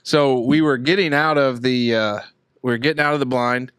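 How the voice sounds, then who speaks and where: A man co-hosting a casual podcast, telling a hunting story and acting out the voices of other people loudly. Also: mid-range voice, normal speed, smooth, dry recording, studio quality. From Indiana. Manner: animated storyteller, acts out quotes loudly. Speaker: podcast co-host.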